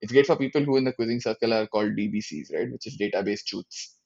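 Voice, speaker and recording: A man, co-hosting a casual podcast and telling stories in an animated way, swearing casually and laughing often. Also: lowish voice, quick pace, creaky, dry recording, muffled recording. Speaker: podcast co-host.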